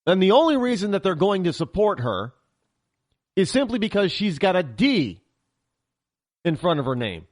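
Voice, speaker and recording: Guy on a talk show going off, high voice swinging up and down, stumbles over his words. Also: sing-song, moderate pace, long pauses, no echo, studio quality. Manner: heated ranting with many restarts and stammers. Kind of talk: political talk show monologue.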